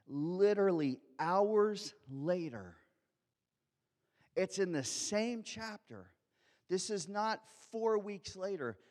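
A man in the pulpit delivering a sermon in a notably high voice. He acts out the scripture quotes and moves between loud, urgent lines and near-whispers. A long reverb trails his words through the sanctuary. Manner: dynamic preaching, acting out quotes, swinging from loud to hushed. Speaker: pastor.

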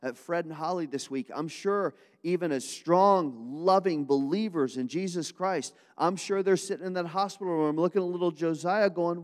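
A man preaching a sermon to his congregation, swinging from hushed asides to loud, impassioned appeals. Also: on the high side, normal speed, few pauses, long reverb tail. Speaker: pastor.

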